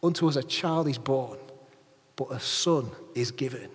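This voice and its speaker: A man preaching a lively sermon in a church, chatting with and questioning his congregation. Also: mid-range voice, moderate pace, husky, in a large hall. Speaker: pastor.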